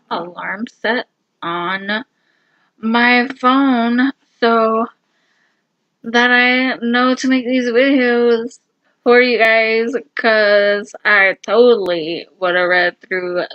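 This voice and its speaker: Excitable woman gushing in a slow, dull recording. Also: a little high, no room sound. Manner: gushing, excitable, repeats herself. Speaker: booktuber. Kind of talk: casual reading vlog check-ins.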